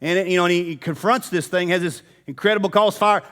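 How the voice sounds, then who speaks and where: A man gives a church sermon in a high, fairly bright voice at a fast clip. He speaks casually and addresses the congregation directly.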